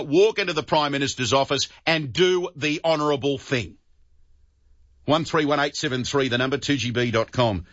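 Australian male talkback host, indignant, forceful delivery, dry muffled broadcast sound. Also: medium pitch, no echo. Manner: indignant, forceful, repeats words. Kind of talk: talkback radio commentary. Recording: dull, dry radio broadcast.

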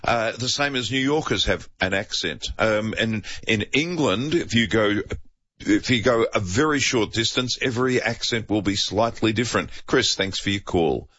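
Rich: A man hosts a talkback radio show, cutting in briskly to steer his callers along. His voice sits low. The sound is dull and lo-fi, with no room echo. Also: a bit bright. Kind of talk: radio host taking calls.

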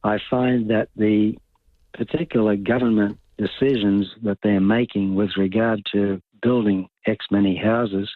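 A man's voice: fairly low pitch, steady tone, unhurried, dry recording. An older Australian man calling in to talkback radio, blunt and opinionated, rambling as he goes. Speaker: caller. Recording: tinny phone line.

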